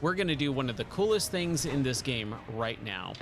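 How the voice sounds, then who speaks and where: Late at night, an enthusiastic man streams a game and chats casually between bursts of action, laughing a lot and excitedly praising what he sees. His voice is average in pitch and moves at a normal speed, with music playing in the background.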